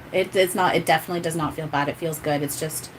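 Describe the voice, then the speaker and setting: Rambling, emotional woman channeler, low voice. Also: noisy background. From grew up Catholic. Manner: rambling, emotional, many restarts. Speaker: spiritual channeler doing live readings. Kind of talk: live-stream chat and channeling.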